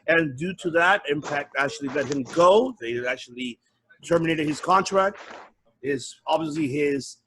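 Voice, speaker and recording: A man hosting a podcast, giving loud, emphatic, announcer-style introductions and then chatting casually. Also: on the high side, lively intonation, normal speed, gravelly, a little hiss or hum. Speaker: podcast host.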